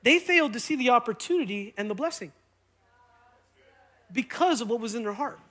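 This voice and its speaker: A man preaching a sermon in church, energetic and conversational, often checking in with the congregation. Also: very high-pitched, fairly quick. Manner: energetic, conversational, keeps asking "right?". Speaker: pastor. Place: church sanctuary.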